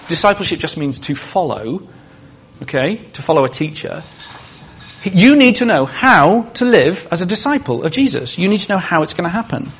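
Man, preacher, chatty sermon, questions to the congregation, slightly raised pitch, husky tone. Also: very animated, moderate pace, a bit bright. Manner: conversational, asks the congregation questions with humorous asides.

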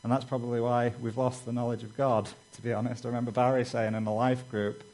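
Male preacher, mid-pitched, chatty sermon delivery with lively storytelling. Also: quick pace, rough recording. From Britain. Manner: conversational, frequent "you know" asides; acts out quoted dialogue with raised voice.

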